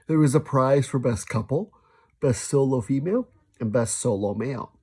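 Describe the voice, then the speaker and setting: A man reading a children's novel aloud, lively, now and then stumbling and restarting a sentence. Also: medium pitch, normal speed, slightly rough. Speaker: storybook reader.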